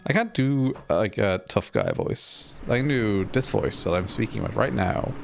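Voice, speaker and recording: A man's voice: fairly low pitch, expressive, unhurried, vocal fry, few pauses, soft background music. A man casually chatting on a live stream while playing a game, rambling, self-deprecating and swearing offhand.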